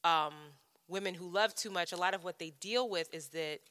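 A woman's voice: fairly low pitch, normal speed, in a large hall, heavy background noise. A woman co-hosting a podcast, telling a personal story in a frank, profane way, often stopping and restarting her sentences. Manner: frank, profane, self-interrupting. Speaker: podcast co-host.

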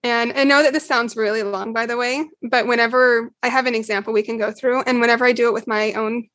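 A woman, a mother, calmly explaining parenting steps in a podcast interview. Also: on the high side, quick pace, no echo. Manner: calm, explanatory, acts out quotes with laughs. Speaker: parenting guest.

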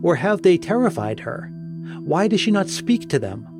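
A man's voice: high voice, sing-song, normal speed, gravelly, over music, pitched above the performer's own voice, heavily acted. A man voicing an anguished old village priest. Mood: troubled. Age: older.

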